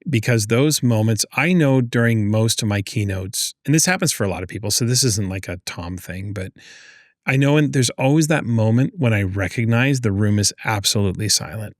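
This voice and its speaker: A man co-hosting a podcast, giving speaking advice in a casual, animated way, acting out little quotes as he goes. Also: fairly low pitch, normal speed, no echo, studio quality. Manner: animated storyteller, acts out quotes, lots of "like". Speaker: podcast co-host and education consultant.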